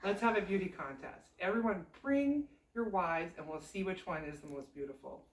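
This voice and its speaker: A man's voice: high-pitched, moderate pace, reverberant, recorded from a distance, natural voice, poor audio. A woman voicing a bored, bossy fairy-tale king who gives orders offhandedly. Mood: commanding.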